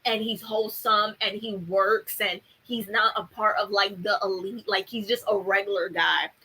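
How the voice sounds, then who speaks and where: A woman's voice: mid-range voice, steady tone, normal speed, pushed and bright, slight background noise, low-quality recording. A young woman chatting casually about a TV show, blunt and full of fillers and swearing. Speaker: TV show commentator. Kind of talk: casual chat.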